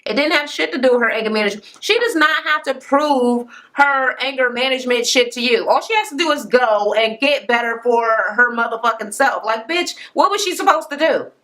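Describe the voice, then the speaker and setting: A woman's voice: a little fast, few pauses, fairly bright tone. A woman recapping a reality show in a casual, profane rant, acting out the cast members' lines. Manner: sassy, profane, acts out cast members' quotes in higher voices.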